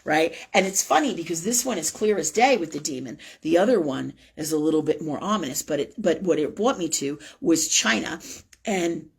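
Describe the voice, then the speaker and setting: Live-stream host: woman, low husky voice, blunt, rambling, swears. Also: animated, normal speed. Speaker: host of a spiritual live talk show. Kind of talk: casual live-stream talk.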